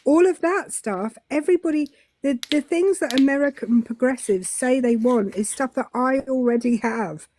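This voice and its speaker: Deadpan, higher-voiced woman on a stream. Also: normal speed, a little hiss or hum. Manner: deadpan joking, hesitant fillers. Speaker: live stream co-host. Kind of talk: casual live stream chat.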